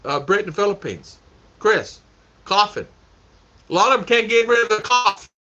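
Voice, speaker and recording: A man's voice: high voice, lively intonation, moderate pace, sharp tone. A man hosting a casual livestream, chatting with viewers and reading their comments, rambling and repeating himself with frequent laughter. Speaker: vlog host reading live chat. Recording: dull lo-fi stream audio.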